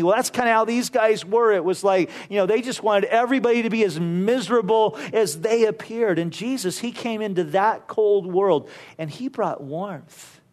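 A man preaching a sermon, telling stories in a conversational way with frequent asides to the congregation. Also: high voice. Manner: conversational storytelling with frequent "you know" asides.

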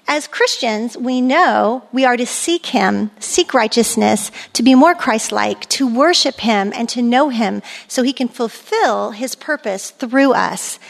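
A woman's voice: on the high side, expressive, unhurried, creaky, few pauses. A middle-aged woman giving a sermon at a women's church gathering, conversational and emphatic, repeating her key phrases. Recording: long hall reverb.

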